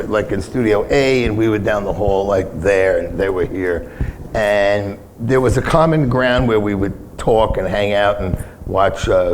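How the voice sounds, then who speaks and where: A man from the Bronx, a punk singer, telling lively stories in an interview at a bar and laughing through them. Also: fairly low pitch, a little hiss or hum. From the Bronx, New York. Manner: animated raconteur, laughs through his stories. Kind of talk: storytelling interview.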